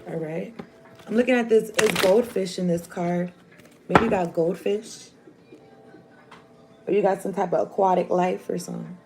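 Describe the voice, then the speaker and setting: Gravelly woman rambling through a tarot reading, noisy background hiss. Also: fairly low pitch, fairly even intonation, moderate pace, long pauses. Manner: chatty, loose and rambling, slangy. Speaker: tarot reader. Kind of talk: casual tarot reading to viewers. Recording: noisy home recording.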